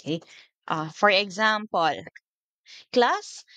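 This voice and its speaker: Filipino woman teacher, mid-pitched, dry close recording, patient lecture delivery with frequent check-ins. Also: measured pace, a bit bright, dry recording. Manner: code-switching, frequent "okay?" checks.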